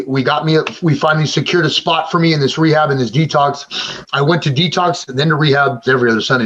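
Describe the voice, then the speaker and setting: A man's voice: medium pitch, fairly bright tone. A man in his forties, interviewed, telling his own story in a blunt, emotional way and cursing often. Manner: raw, blunt and emotional, with frequent profanity. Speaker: interviewee, former gang member in recovery. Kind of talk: candid personal storytelling. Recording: slightly dull lo-fi sound.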